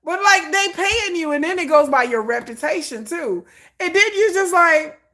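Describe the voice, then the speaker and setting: A woman with a high voice hosts a casual pop-culture chat. She tells stories in a lively, colloquial way and laughs often. Her delivery is loose and expressive. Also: normal speed. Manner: animated, laughing, colloquial storytelling. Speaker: host.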